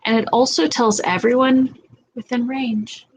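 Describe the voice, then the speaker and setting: Woman host, 30s, slightly high voice, blunt and profane storyteller, light hiss behind her. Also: steady tone, a little slow, low-quality recording. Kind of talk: casual chat.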